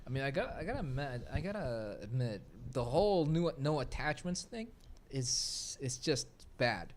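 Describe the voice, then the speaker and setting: A man hosting a casual group podcast chat, animated and playful, often restarting and repeating his words. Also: mid-range voice, moderate pace, a little hiss or hum. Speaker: podcast host.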